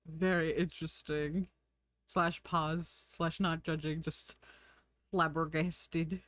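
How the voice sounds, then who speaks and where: A woman's voice: low-pitched, level tone, slow, a bit bright, no room sound. A young woman streaming, chatting casually and giggling while she draws and reads chat. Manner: chatty, giggly, thinks aloud.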